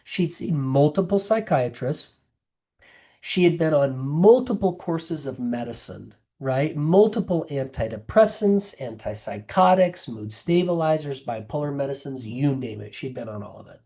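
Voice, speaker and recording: Earnest man lecturing, warm mellow tone. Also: medium pitch, animated, a little slow. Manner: earnest, explains step by step with case stories. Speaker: nurse practitioner giving a health masterclass. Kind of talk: presented lecture with patient stories.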